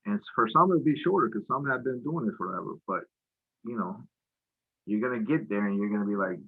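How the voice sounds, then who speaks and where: A husky, low-pitched man runs through a casual trading recap while walking through his charts. He rambles loosely, full of fillers and slang. The sound is thin and tinny, like it came over a phone line. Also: a little fast. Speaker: futures trading presenter. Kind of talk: casual screen-share market recap.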